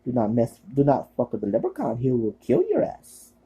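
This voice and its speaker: A man's voice: mid-range voice, wildly swooping pitch, brisk, dark tone, breathy edge, full character voice, poor audio. A man doing a crude leprechaun in a bad Irish accent. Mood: threatening. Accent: bad put-on Irish. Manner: blunt crude threats. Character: menacing male leprechaun, threatening.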